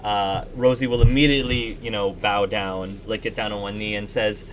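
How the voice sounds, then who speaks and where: A man's voice: on the low side, steady tone, normal speed, hardly any pauses, a bit bright, slight background noise. A man narrating as game master in a chatty, hesitant way, with many fillers.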